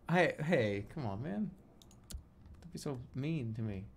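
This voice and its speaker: A man's voice: medium pitch, animated, slow pace, long pauses, a little hiss or hum. A man streaming a game, joking, repeating phrases and laughing often as he plays. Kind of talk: live gameplay commentary.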